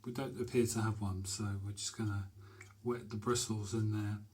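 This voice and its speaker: A man's voice: lowish voice, flat delivery, moderate pace, darkish tone. A man talking casually to camera in a small bathroom, chatty and hesitant, with many fillers as he describes a shaving brush. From Britain. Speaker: shaving vlogger.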